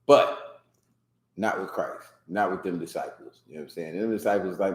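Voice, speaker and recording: A man giving casual, animated commentary as instructor of a scripture class, laughing often and slipping into mock voices. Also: deep voice, moderate pace, echoey room, low-quality recording.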